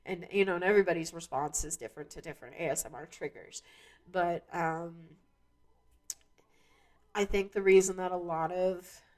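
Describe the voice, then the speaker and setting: A woman's voice: on the low side, normal speed, pauses often. A woman hosting her own show, talking casually in a rambling way with many restarts and fillers. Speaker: podcast host. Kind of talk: casual monologue.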